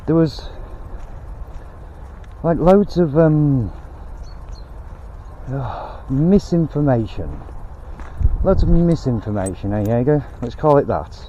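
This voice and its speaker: A man's voice: medium pitch, lively intonation, slow pace, long pauses, warm tone, dull audio, slight background noise. A man vlogging outdoors on a canal towpath, ranting bluntly in a rambling way and swearing now and then. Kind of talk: casual rant while walking.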